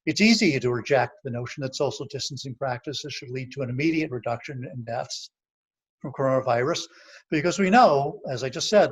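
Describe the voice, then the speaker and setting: A man giving an online library lecture, explaining step by step and often checking in with "okay" and "right". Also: medium pitch. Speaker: author giving a library presentation.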